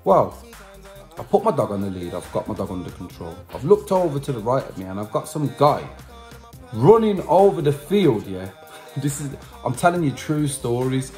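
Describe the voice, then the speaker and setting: A man's voice: mid-range voice, very animated, normal speed, a little mellow, faint music behind. A man vlogging to his subscribers, telling a personal story in a chatty, repetitive way with slang asides. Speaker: vlogger and musician. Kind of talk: casual storytelling to camera.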